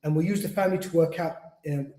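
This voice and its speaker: In an echoey room at an Islamic centre, a man gives an earnest, repetitive lecture, acting out quotes from patients. His voice is a little high and dark in tone, and he talks fast.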